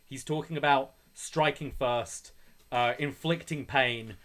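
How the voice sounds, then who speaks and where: A man co-hosting a wrestling podcast, talking it over in casual chat with a relaxed, joking manner. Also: mid-range voice, slow. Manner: relaxed, joking back-and-forth.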